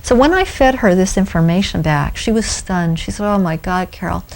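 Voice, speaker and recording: A woman animal communicator telling an anecdote in a documentary interview, lively as she quotes others. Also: lowish voice, moderate pace.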